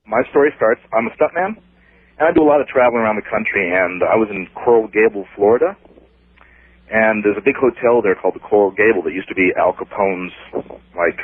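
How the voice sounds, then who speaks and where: A male caller telling a ghost story over the phone, animated and acting out what people said. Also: lowish voice. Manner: animated storyteller, acts out dialogue. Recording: husky tinny phone line.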